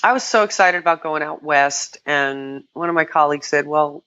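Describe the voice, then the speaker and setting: An older woman, a podcast guest, chatting casually and telling lively stories, often quoting herself and laughing. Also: sits low, moderate pace, clean tone, muffled recording. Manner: animated storytelling, quotes herself, laughs often. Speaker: podcast guest, kettlebell sport athlete. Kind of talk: casual interview chat.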